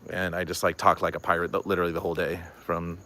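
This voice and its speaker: A young man with a very low voice talks loosely on his stream, full of "like" and "um". He wanders through a story and stops to answer chat messages. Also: flat delivery, fast talker, sharp tone. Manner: rambling, many fillers, reads and answers chat. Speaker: comedian streamer. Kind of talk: casual livestream chat.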